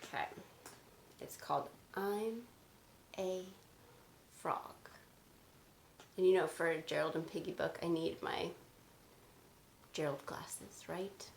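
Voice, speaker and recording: A woman teacher speaking gently to children in a video lesson, recorded on a phone. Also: fairly low pitch, gravelly. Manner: slow, gentle, explaining to kids. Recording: phone video with faint noise.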